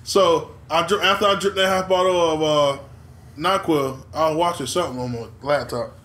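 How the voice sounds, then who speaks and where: A man, co-hosting a podcast and telling a story in casual chat, animated and swearing freely. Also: a little high, normal speed. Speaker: podcast co-host. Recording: echoey room.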